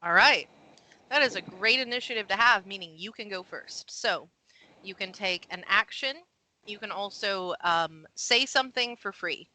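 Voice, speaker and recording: A woman's voice: mid-range voice, normal speed, bright, forceful tone, poor audio. A woman running a tabletop game as game master, narrating scenes and patiently explaining the rules.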